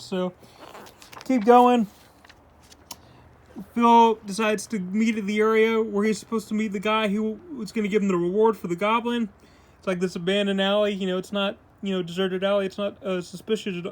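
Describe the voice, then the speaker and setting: Casual male comic reviewer, high-pitched, loose rambling delivery, quotes the characters in his normal voice. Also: steady tone, brisk. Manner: rambling retelling full of "like" and "uh"; paraphrases characters' lines in his own voice.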